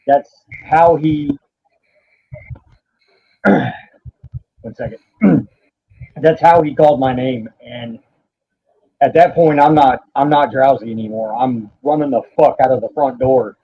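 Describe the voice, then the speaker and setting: A man, a podcast guest telling a painful personal story in a halting, profane way, stopping now and then to steady himself. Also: medium pitch, creaky, slightly rough. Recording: dull lo-fi audio.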